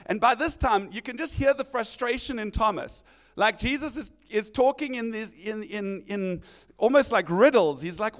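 A man with a high voice preaching a sermon. He talks in a lively, conversational way and acts out the people he quotes in his own voice. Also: moderate pace. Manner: animated, acting out quoted voices.

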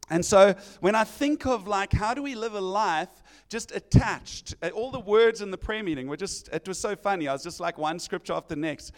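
A man with a high voice preaching a sermon. He talks in a lively, conversational way and acts out the people he quotes in his own voice. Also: moderate pace, few pauses. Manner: animated, acting out quoted voices.

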